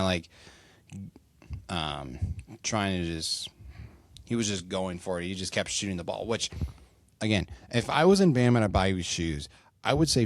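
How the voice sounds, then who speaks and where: A man's voice: low voice, no room sound. A young man hosting a solo sports podcast, rambling casually with lots of fillers and swearing. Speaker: podcast host.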